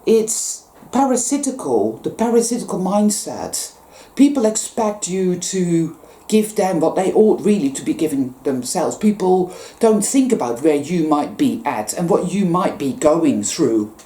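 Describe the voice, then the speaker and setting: Her voice is fairly low, mellow, very animated, and a little slow as this spiritual vlogger gives an impassioned monologue. Echo fills the room while she repeats phrases for force, swears freely, and stays intense and emphatic throughout.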